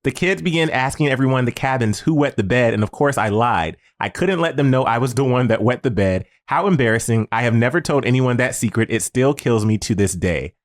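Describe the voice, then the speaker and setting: A man's voice: medium pitch, animated, fairly quick, hardly any pauses. A man co-hosting a podcast in casual chat, reading listener secrets aloud in a playful way. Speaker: podcast co-host.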